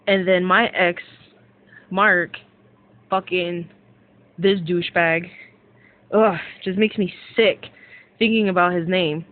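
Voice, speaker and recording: A young woman ranting casually to camera as a vlogger, rambling with lots of fillers and swearing excitedly. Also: fairly low pitch, takes it slowly, long pauses. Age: young adult. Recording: tinny phone-like sound.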